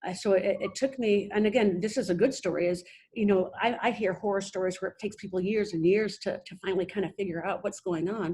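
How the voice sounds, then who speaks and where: A young adult woman, a podcast guest, telling her own story in a halting way with many restarts. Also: medium pitch, dark tone, slightly rough. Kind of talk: personal storytelling interview.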